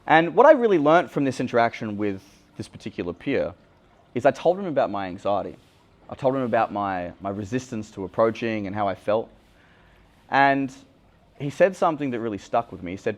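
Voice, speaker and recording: A man's voice: fairly low pitch, lively intonation, fast talker. A young Australian man, a dating coach, talking casually and bluntly with frequent swearing. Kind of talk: candid vlog monologue.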